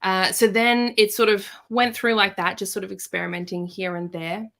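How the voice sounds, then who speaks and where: A woman guest on a podcast, telling a personal story in a casual, animated way and acting out the quoted voices. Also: mid-range voice, moderate pace, creaky.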